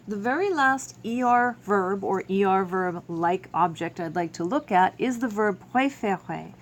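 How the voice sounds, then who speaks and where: A woman's voice: medium pitch, a little slow, slight background noise. A woman teaching a French verb lesson to students, explaining each step patiently. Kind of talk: classroom video lesson.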